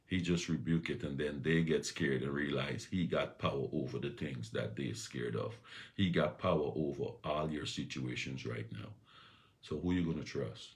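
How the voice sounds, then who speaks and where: A man giving an inspirational morning talk, preaching with repetition and loud emphatic peaks. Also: extremely low pitch. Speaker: inspirational speaker.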